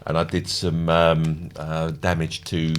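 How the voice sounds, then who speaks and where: A man's voice: rumbling low, completely flat delivery, takes it slowly, clean tone. A middle-aged man, a company founder guesting on a podcast, joking and rambling with fillers. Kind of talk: casual podcast chat.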